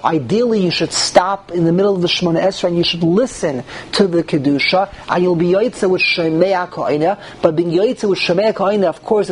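Rabbi giving a class to a small group, high voice, rhetorical questions, faint noise behind. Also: male voice. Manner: asks the group rhetorical questions and restarts sentences often. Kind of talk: Torah class on prayer law.

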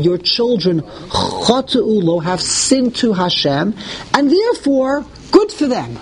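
High-voiced man teaching a Torah class. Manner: reads Hebrew verses, then translates and explains them; restarts phrases often and stresses harsh words.

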